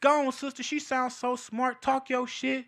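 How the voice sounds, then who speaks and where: A man's voice: extremely high pitch, little pitch movement, normal speed, fairly bright tone. A man putting on the voice of a gushing fan cheering a woman on, in a fawning, mocking way.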